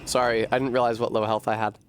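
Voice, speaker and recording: A man's voice: fairly low pitch, level tone, quick pace. A man streaming a video game, thinking aloud with profane, sardonic commentary. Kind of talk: live gameplay commentary.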